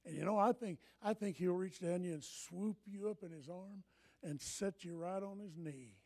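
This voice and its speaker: A man preaching a sermon in an animated, impassioned way, often breaking into shouts. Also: high-pitched, normal speed.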